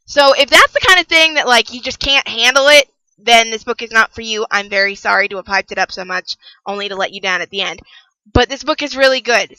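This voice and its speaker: A young woman giving a casual spoken book review, passionate and ranting, who repeats herself for emphasis and yells about parents. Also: a little high, dry recording, poor audio.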